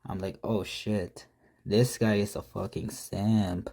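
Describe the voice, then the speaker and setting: A man's voice: lowish voice, fairly even intonation, slow, vocal fry, over a noisy crowd. A man casually telling a prank story, reading out text messages with profane, mocking, exasperated commentary.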